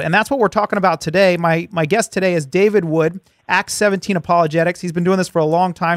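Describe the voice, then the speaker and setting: A man hosting an interview, asking long questions with many fillers and pauses. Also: on the high side, fairly bright tone, no room sound, studio quality. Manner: halting, full of fillers. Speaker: host.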